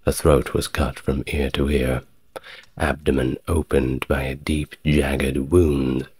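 A man narrates history for ASMR in a calm, soft-spoken way, measured and steady, dropping in wry conversational asides. His voice rumbles low and sounds husky.

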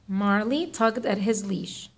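A woman narrating a read-aloud children's story in a clear, measured way. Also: medium pitch.

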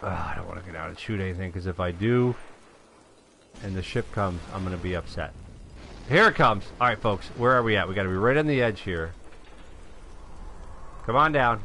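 A middle-aged man from New York giving excitable live gameplay commentary, calling out to viewers and shouting when things go his way. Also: low-pitched, normal speed, vocal fry, pauses often, slight background noise. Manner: excitable, shouts at wins, talks to viewers as folks. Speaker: gaming live streamer.

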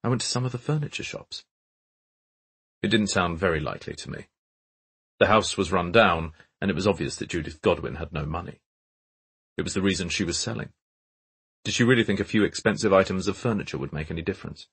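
A man narrating a mystery audiobook in first person, measured and observant. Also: deep voice, fairly bright tone, husky. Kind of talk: scripted narration.

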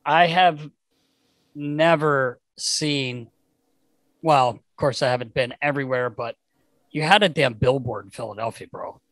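A man co-hosting a podcast, a former player himself, asking eager, halting questions in casual chat. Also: medium pitch, fairly bright tone, no echo, low-quality recording. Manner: enthusiastic, halting questions with restarts. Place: podcast studio.

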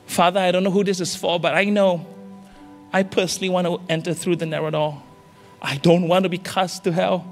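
This senior pastor from Singapore talks a little fast in a high voice that barely moves in pitch. Faint music and heavy reverb fill the large church hall as he preaches with passion, urging his congregation through repeated, rising exhortations.

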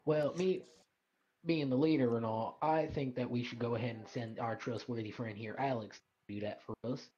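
A man at a tabletop session who talks things through loosely and rambles. He steps into the leader's role in the group's plans, in a middle-pitched voice. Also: steady tone, normal speed, warm tone, highs cut off, slight background noise. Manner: loose, rambling, full of restarts. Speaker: tabletop game player. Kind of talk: casual game chat, speaking as the party leader.

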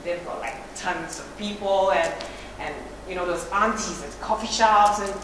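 A woman's voice: medium pitch, steady tone, moderate pace, close to an everyday voice. An actress playing a boastful young woman auditioning, chatty and rambling with many fillers. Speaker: audition candidate. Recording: echoey room with background noise.

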